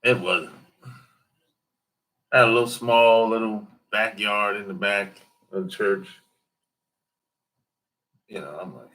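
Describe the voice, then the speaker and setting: Bright-voiced man chatting slowly on a livestream. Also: on the low side, fairly even intonation. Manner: loose, joking, talks back to chat, laughs often; mimics other people's speech. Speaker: livestream host reading chat. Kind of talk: casual livestream chat.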